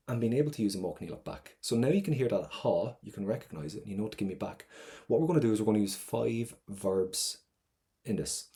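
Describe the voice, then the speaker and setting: A man's voice: lowish voice, mellow. A man with an Irish accent teaching an online exam-prep lesson, chatty and encouraging, repeating phrases for drilling.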